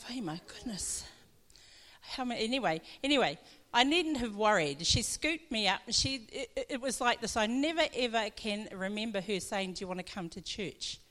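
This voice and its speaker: A woman's voice: mid-range voice, a bit bright. New woman pastor in a reverberant hall. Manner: chatty storytelling, laughs often. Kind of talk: personal testimony in church. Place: church hall.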